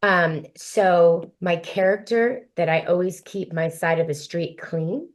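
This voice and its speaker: A woman being interviewed on a podcast, a singer speaking in a reflective, heartfelt way with frequent pauses to think. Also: lowish voice, fairly even intonation. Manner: reflective, many um fillers, heartfelt. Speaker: guest, country singer.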